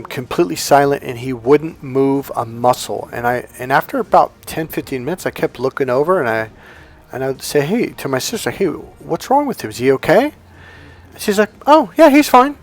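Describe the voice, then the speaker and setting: A man's voice: lively intonation, brisk. Man telling a rambling story. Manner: rambling, acts out quoted people in a high voice. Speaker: dating coach. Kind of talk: casual storytelling monologue.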